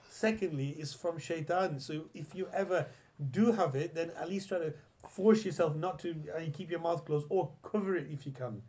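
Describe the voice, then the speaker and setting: A man's voice: a little high, moderate pace, hardly any pauses, a little mellow. A young man from England teaching a religious class, storytelling in a chatty way with many restarts and recited Arabic phrases. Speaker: Islamic teacher. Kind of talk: classroom lesson on hadith.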